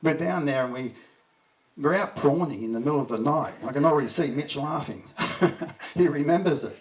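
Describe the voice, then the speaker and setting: A middle-aged Australian man gives a heartfelt eulogy at a memorial gathering, chuckling through fond anecdotes. His voice is on the high side and a little fast, and it sounds distant from the mic.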